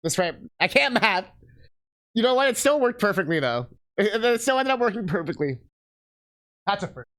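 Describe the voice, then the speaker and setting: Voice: medium pitch, very animated, normal speed, pauses often, a bit bright. Crude, rambling game streamer. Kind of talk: casual game-stream commentary.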